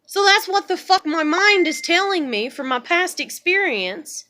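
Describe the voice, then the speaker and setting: A woman's voice: very high voice, animated, a little slow, sharp tone. A woman venting in a blunt, profane, rambling monologue at home, a mother and vlogger.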